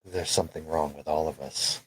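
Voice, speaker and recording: A man's voice: extremely low pitch, steady tone, a little fast, breathy edge, no room sound, rough recording. A man voicing a cheeky, flirtatious man assigned as an escort, talking in a playful, jaunty way.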